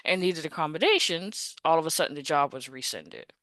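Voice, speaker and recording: Lowish-voiced woman telling a story. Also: brisk, no echo. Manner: animated, acts out both sides of conversations; conversational, frequent "like" and "you know". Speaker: podcast host. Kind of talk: casual storytelling.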